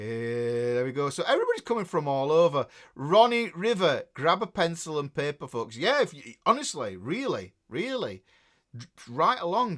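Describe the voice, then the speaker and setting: Chatty Northern English man, slightly high. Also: bright, forceful tone. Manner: chatty and rambling, with frequent restarts and laughs. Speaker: guitar teacher hosting a live class. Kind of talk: casual chat reading out live chat greetings.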